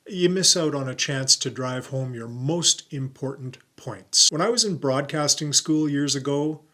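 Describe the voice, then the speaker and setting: A middle-aged man presenting an on-camera tutorial as a YouTube coach, talking clearly and deliberately and stressing his keywords. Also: medium pitch, sharp tone.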